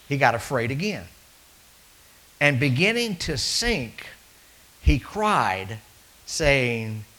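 A man preaching a sermon, telling stories and swinging between loud calls and hushed asides. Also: a little high, low-quality recording.

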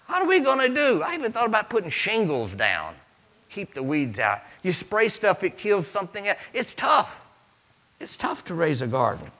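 A middle-aged man preaching a sermon, telling the story dramatically and acting out the voices, swinging from hushed near-whispers to shouts. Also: sits high, huge pitch swings, moderate pace.

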